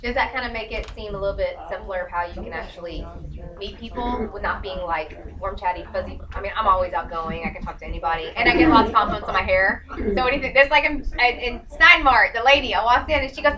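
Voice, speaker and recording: A woman, a sales director giving a lively training talk to a group, acting out bits of dialogue as she tells stories. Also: a little high, fast, far from the mic, a crowd in the background, rough recording. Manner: bubbly storyteller acting out dialogue. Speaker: sales director and guest speaker.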